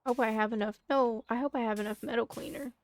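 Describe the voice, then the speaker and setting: Woman streamer talking to herself while gaming, a bit high pitched, casual. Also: fairly even intonation, fast. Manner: mutters to herself while playing. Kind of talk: casual gameplay chatter.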